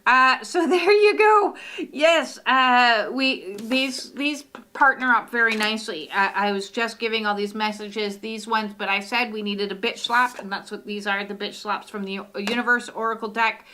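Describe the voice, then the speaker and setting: A woman's voice: medium pitch, steady tone, normal speed, hardly any pauses, pushed and bright. A middle-aged woman hosting a live oracle card reading from her home studio, talking in a soothing way with lots of "uh" fillers.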